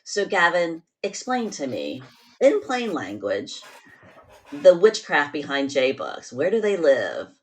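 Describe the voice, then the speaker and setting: Blunt low-voiced woman podcast host. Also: takes it slowly. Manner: blunt, animated, exasperated asides. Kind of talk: casual podcast chat.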